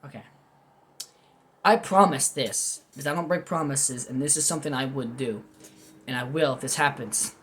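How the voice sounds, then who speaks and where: Reviewing food at home without a script, a man drifts from subject to subject, candid and self-deprecating, tossing in goofy asides. His voice sits at medium pitch with a fairly bright tone, moving at normal speed but broken by long pauses.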